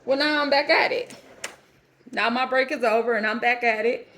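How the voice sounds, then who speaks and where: Brief: high, bright woman doing a defiant foster girl, profane rambling rant. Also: moderate pace, slight background noise, close to an everyday voice. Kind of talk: character monologue.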